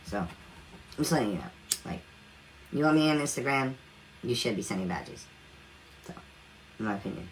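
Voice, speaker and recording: A man's voice: medium pitch, fairly quick, pauses often, a little hiss or hum, low-quality recording. A man in his thirties, a singer, ranting on a livestream in a defiant, demanding way. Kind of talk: livestream rant.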